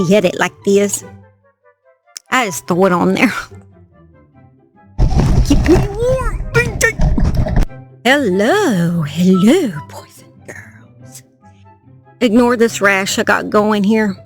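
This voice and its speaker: Chatty Southern woman telling true crime. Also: mid-range voice. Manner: chatty, self-deprecating, easily distracted. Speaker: true crime channel host. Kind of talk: casual storytelling to camera. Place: outdoors by a campfire in the woods at night.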